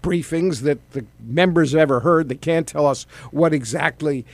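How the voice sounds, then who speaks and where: A man's voice: fairly high pitch, normal speed, no room sound. Sardonic middle-aged male political host. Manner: sardonic, conversational, with fillers. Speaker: talk show host, former congressman. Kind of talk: political commentary show.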